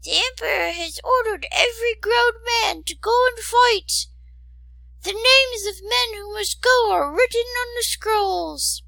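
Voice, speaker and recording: A woman voicing a frail, tearful old woman in a storybook reading, speaking in a shrill, wavering voice. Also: unhurried, creaky, pushed and bright, no echo, exaggerated voice, rough recording. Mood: distressed.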